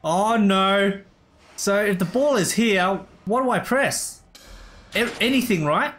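A man casually commentating his gameplay, excitable, laughing often and saying "bro" all the time. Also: high voice, takes it slowly, slight background noise. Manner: excitable, laughs a lot, says "bro" constantly. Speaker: gameplay streamer. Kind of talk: casual let's play commentary.

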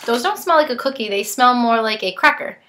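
A woman's voice: on the high side, lively intonation, a little fast, a bit bright. A young woman reviewing snacks in a casual unboxing vlog, chatting and tasting as she goes, sometimes talking with her mouth full. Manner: chatty, talks while chewing.

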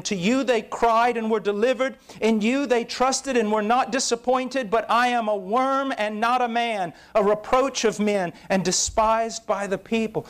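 A man preaching an intense, impassioned sermon that rises to shouts at its peaks. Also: high-pitched, clear, resonant tone. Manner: intense, rising to shouts at climaxes.

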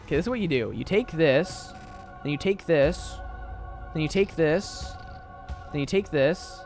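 A man's voice: on the high side, measured pace, a little mellow, faint music behind. A young man streaming a game, chatting casually with viewers and rambling with lots of fillers. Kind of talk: casual live-stream chat.

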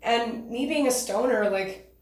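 Young woman doing a spacey stoner, loose rambly swearing, high voice, echoey stage. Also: measured pace, darkish tone, close to an everyday voice. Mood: rambling. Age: young adult. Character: laid-back rambling stoner telling of a drug raid. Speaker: student actor. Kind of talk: stage monologue.

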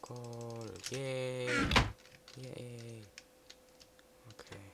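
A man giving casual commentary while playing a game, chatty and muttering to himself, with excitable outbursts. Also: medium pitch, extremely slow. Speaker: let's play gamer. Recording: loud background noise with keyboard typing.

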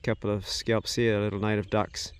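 A middle-aged man with a New Zealand accent, chatting in a relaxed, plain-spoken way as he walks around his farm outdoors. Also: lowish voice, moderate pace, clean tone. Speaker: vlogger, farm owner. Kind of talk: casual narration on a farm walk.

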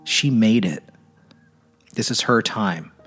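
A man giving a dramatic reading of a troubled teenage boy's letters, in a quiet, earnest, halting way. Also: fairly low pitch, soft background music. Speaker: narrator.

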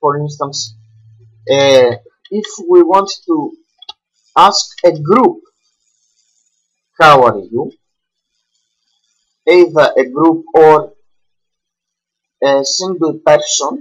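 Slow, halting man teaching at a board. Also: on the high side, muffled recording. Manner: slow, halting explanations with many fillers. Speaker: language teacher. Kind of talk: whiteboard language lesson.

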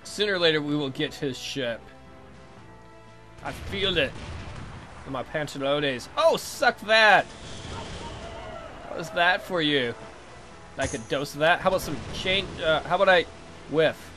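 A young man with a bright, somewhat high voice, playing a game and chatting as he goes. He gets excitable, swears freely and mocks the enemies on screen. Faint music plays behind him. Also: moderate pace, long pauses. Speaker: let's play host. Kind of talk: casual gameplay commentary.

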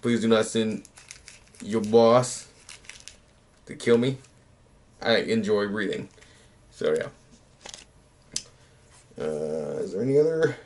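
A man in his thirties talks through things in a loose, rambling way at an ordinary mid pitch. He pokes fun at himself and lets his sentences trail off, like a relaxed late-night vlog chat. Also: slow, pauses often. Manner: rambling, self-mocking, trails off. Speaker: YouTuber.

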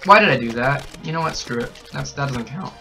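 A young man hyped up on energy drinks, narrating his gameplay, yelling and cackling at every death and win. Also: medium pitch, a little fast, vocal fry, faint music behind. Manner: excitable, shouts and cackles at the game. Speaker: gaming channel host. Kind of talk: hyper gameplay commentary. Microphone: desk mic with a camera nearby.

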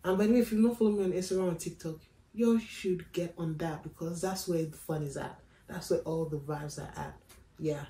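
A woman's voice: on the low side, steady tone, fairly quick, mellow. A young woman, chatting casually and animatedly to camera in a travel vlog, full of slang and easy laughs. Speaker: travel vlogger. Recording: echoey room with faint ambience.

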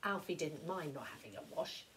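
A woman primary school teacher reading a picture book aloud to young children, with slow, expressive storytelling. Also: low-pitched, a little hiss or hum, poor audio.

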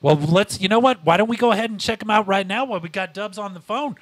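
A man's voice: high-pitched, fast, dry recording. A man hosting a rowdy stoner-comedy podcast, talking in a hyped, slangy way full of homie and yo. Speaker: podcast host. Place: studio. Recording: studio show with music and audience noise.

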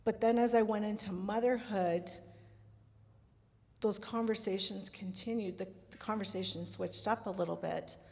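A woman sharing her faith on a church panel, speaking earnestly with soft laughs. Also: mid-range voice, steady tone, moderate pace, gravelly, long reverb tail. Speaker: panelist mother.

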